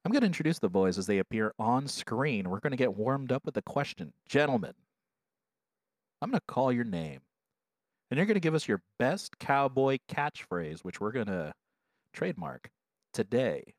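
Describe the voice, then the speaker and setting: A man's voice: mid-range voice, sing-song, normal speed, no room sound, clean studio sound. A young man hosting a casual comedy podcast, teasing his co-hosts in a playful mock-announcer manner. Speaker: podcast host.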